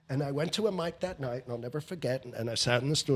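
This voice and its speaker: A middle-aged man, a veteran comedian, giving blunt, animated advice in a casual podcast interview. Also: very fast, hardly any pauses, slightly rough. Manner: animated, blunt, swings pitch up for emphasis.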